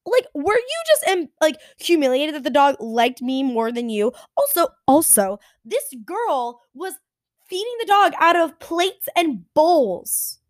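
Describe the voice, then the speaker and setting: A woman in her twenties telling a story in an animated, exasperated way. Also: high voice, unhurried, no echo. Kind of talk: storytime vlog.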